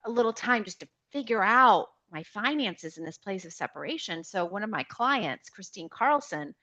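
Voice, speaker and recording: A woman's voice: mid-range voice, normal speed, dull audio. Woman telling her story with emotion. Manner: animated, emotional, with many restarts. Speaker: podcast guest. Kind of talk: personal storytelling in a conversational interview.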